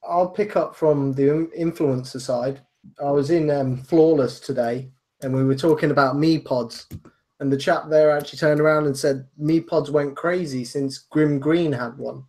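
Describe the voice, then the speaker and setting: A man from England giving his view in a casual panel chat, measured and hesitant with frequent ums. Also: medium pitch, a little mellow. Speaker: panel guest.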